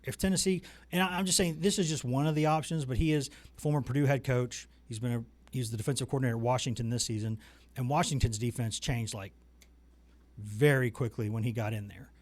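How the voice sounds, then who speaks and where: A man's voice: mid-range voice, a little mellow, no room sound. A man hosting a casual sports talk show, rambling and joking at his own expense. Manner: rambling, joking, self-deprecating.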